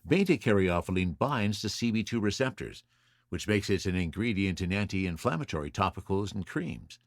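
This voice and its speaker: Lively low-voiced man hosting a podcast. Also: moderate pace, no echo, clean studio sound. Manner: reads from notes, lively listing. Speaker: podcast host. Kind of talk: solo podcast explainer.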